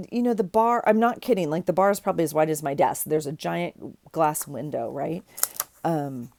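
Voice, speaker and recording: A journaling vlogger in her forties tells a story while working on her journal, chatty and animated and full of "like"s. Her voice is deep and gravelly, with a little hiss or hum in the recording.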